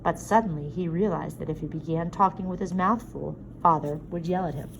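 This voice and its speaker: A woman narrating a story aloud in a steady reading voice. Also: fairly low pitch, brisk, vocal fry, background noise. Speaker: audiobook reader.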